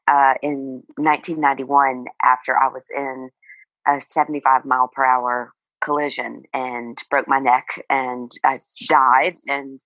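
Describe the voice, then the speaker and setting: A woman's voice: very deep voice, fairly bright tone, no echo, highs cut off. A middle-aged woman, a guest on an interview show, talking casually with many fillers and restarts and frequent laughs. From Virginia, United States. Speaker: guest author.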